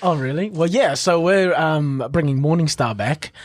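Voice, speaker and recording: A fairly high-pitched man with a New Zealand accent, speaking earnestly and reflectively as a podcast guest. He tells personal stories in a casual, open way. The sound is close and dry. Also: moderate pace, dry recording. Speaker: guest, actor.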